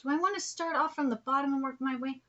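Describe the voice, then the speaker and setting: A woman's voice: high-pitched, fast, a bit bright, lo-fi sound. A woman vlogger ranting in a commentary video, blunt and profane, hammering points with repetition. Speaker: anime vlogger.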